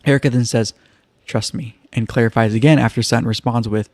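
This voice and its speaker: A man's voice: medium pitch, quick pace, dry recording, clean studio sound. A man hosting a casual live-streamed recap of a reality show, chatty and loose with wry asides. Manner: chatty, loose, leans on "kind of" and "like"; relaxed storytelling with wry asides.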